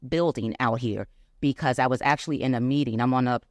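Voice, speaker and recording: A man's voice: medium pitch, a little fast, no room sound. A man in the audience asking a long, rambling question at a meetup, with many fillers.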